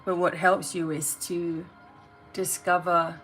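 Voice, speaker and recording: A woman's voice: on the low side, little pitch movement, takes it slowly, fairly bright tone, faint music behind, rough recording. A woman giving a tarot reading, talking straight to the viewer in a blunt, motivating way. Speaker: tarot reader.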